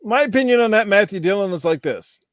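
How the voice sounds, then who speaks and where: A man's voice: sits high, animated, fast, no echo. A man hosting a podcast, chatting casually, rambling and swearing as he reads donations. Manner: laid-back, swearing, rambling. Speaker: podcast host.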